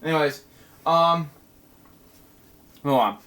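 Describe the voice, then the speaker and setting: A man talks through a comic book in a casual review, stumbling and restarting as he goes. His voice is bright and sits a little high, and he speaks slowly. He throws in exasperated asides. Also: expressive. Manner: halting, with many fillers and restarts. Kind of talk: casual reading and commentary.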